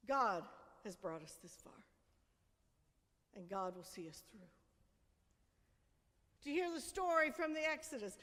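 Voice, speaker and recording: A senior minister with a high voice delivers a sermon in a church sanctuary, swinging from emphatic, rising appeals to soft, intimate asides. Her preaching is conversational at heart. Each phrase trails off into the long reverb of the large room.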